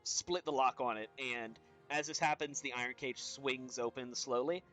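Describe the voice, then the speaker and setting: A man's voice: mid-range voice, fairly even intonation, moderate pace, bright, forceful tone, faint music behind. A man narrating a tabletop game as game master, hesitant, with many ums.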